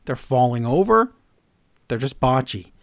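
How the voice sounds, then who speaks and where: A man's voice: medium pitch, big pitch swings, a little slow, creaky, dry recording, clean studio sound. A man co-hosting a podcast, recapping wrestling in casual chat with sarcastic, exasperated asides. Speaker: podcast co-host.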